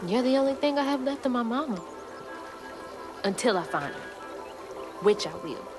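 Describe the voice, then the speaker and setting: An actress playing a young woman searching for her lost mother. She speaks earnestly and gently to a small companion. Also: fairly high pitch, lively intonation, moderate pace, natural voice. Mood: tender. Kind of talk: video game voice acting. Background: game music.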